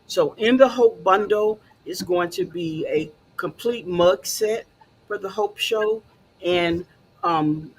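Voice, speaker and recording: A woman's voice: mid-range voice, slow, husky. A woman hosting a casual talk show, encouraging and conversational, with frequent fillers.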